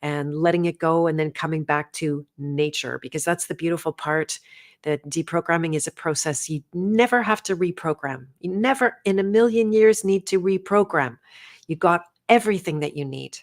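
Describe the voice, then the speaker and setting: A woman's voice: on the low side, moderate pace. A middle-aged woman hosting a livestream and coaching, chatting casually and rambling with frequent self-corrections.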